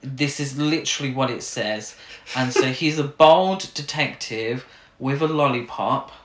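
A podcast co-host chatting casually about a film, animated, swearing and laughing often. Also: mid-range voice, a little slow. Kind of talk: casual film review chat. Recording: roomy echo.

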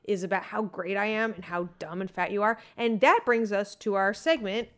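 A woman's voice: mid-range voice, normal speed. Sarcastic tipsy young woman co-host. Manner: sarcastic, profane, animated. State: tipsy from wine. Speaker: podcast co-host. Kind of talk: casual chat.

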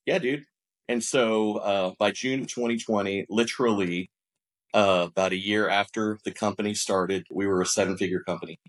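A man with a slightly low-pitched voice tells the story of building his business as a podcast guest. He is animated and often acts out conversations. He speaks loosely, with frequent restarts and repeated words. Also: moderate pace. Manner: animated, acts out quoted dialogue.

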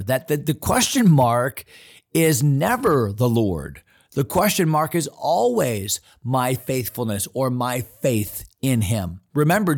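A man pastor giving an earnest devotional sermon, slowing down to stress the scripture he quotes. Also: mid-range voice, gravelly, slightly rough.

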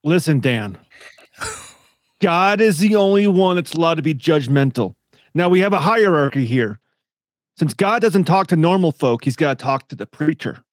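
A man's voice: on the high side, animated, normal speed, dry recording, studio quality. A man co-hosting a casual chat, dropping sardonic, mock-preachy quips. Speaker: podcast co-host.

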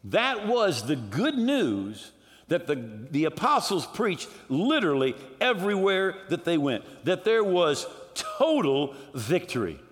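A man's voice: sits high, huge pitch swings, measured pace. Fervent man preaching a sermon. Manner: fervent preaching, shouting at peaks. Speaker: pastor. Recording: echoey hall reverb.

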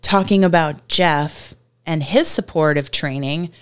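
A woman co-hosting a running podcast in casual chat, halting and full of short affirmations. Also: deep voice, clear, resonant tone. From Florida. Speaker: podcast co-host.

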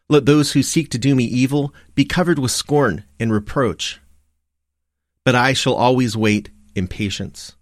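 A man reading morning prayer and scripture aloud in a measured, steady recitation. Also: medium pitch, no room sound, clean studio sound. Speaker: liturgy reader.

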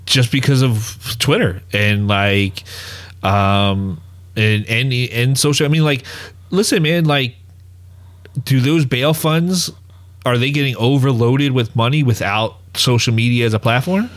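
A man's voice: mid-range voice, unhurried. A man co-hosting a podcast, speaking loosely and hesitantly in casual chat. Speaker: podcast co-host.

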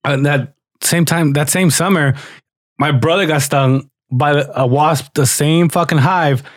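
A young man with a fairly high voice tells animated stories on a podcast, swearing a lot and acting out what people said. The sound is dry and close, with no room in it. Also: unhurried, no room sound. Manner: animated storyteller, heavy swearing, acts out quotes. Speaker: podcast co-host. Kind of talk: casual podcast chat.

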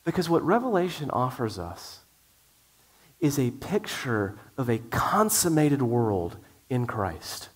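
A man's voice: mid-range voice, sing-song, takes it slowly, husky. A middle-aged male pastor preaching a sermon in an earnest way, with frequent restarts.

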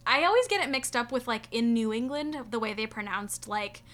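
A young woman tells a story on a casual podcast, rambling along with fillers and side remarks. Her voice sits a little high and has a bright, forward edge. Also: lively intonation, brisk. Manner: chatty, rambling with fillers and asides. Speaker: podcast co-host.

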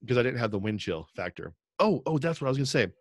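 A man's voice: mid-range voice, sing-song, fast, no room sound, studio quality. A middle-aged man co-hosting a podcast, telling rambling stories and laughing often. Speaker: podcast co-host. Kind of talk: casual chat.

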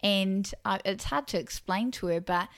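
A woman's voice: medium pitch, normal speed, no echo. Earnest encouraging woman podcast host. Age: adult parent of a young child. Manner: earnest, encouraging, speaks straight to listeners as "Mama". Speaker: Christian parenting podcast host. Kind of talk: faith-based podcast monologue.

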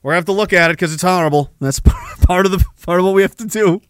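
Sarcastic and rambling, this political livestream host laughs a lot and reads out messages from viewers. He talks quickly in a smooth, high-pitched voice, recorded at studio quality with no echo.

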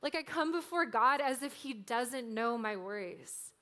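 Conversational woman preaching a sermon, higher voice. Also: animated, a little slow, a bit bright. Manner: conversational, frequent "like" fillers.

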